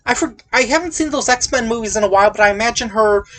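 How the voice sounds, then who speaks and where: A woman's voice: fairly high pitch, quick pace, fairly bright tone. Rambling, jokey woman recapping a movie. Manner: rambling, jokey, full of tangents and asides. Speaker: podcast host reviewing a movie. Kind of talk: casual chat.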